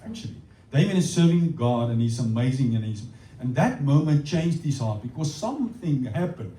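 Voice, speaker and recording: A South African pastor with an Afrikaans accent preaches in a very dark, mellow voice whose pitch rises and falls with lively swings. He mixes English and Afrikaans as he tells his stories. He sounds distant from the mic, in an echoing church hall. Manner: storytelling, switching between English and Afrikaans. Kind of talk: sermon.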